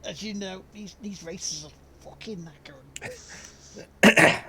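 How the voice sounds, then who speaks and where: A man's voice: sits high, slow pace, sharp tone, a little hiss or hum. A man chatting and swearing casually while streaming a racing game. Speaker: gaming streamer. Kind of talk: casual gameplay commentary.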